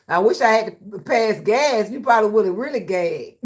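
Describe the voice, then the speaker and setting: A woman hosting a livestream, reading viewer comments aloud and trash-talking back with loud laughter. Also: medium pitch. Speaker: livestream host reading chat. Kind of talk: casual livestream chat.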